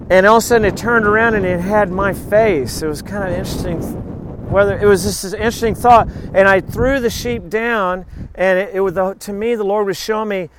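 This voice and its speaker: Reading scripture aloud, a middle-aged male pastor with a notably high voice delivers his sermon and slips into animated, joking asides to his listeners. Slight background noise is audible.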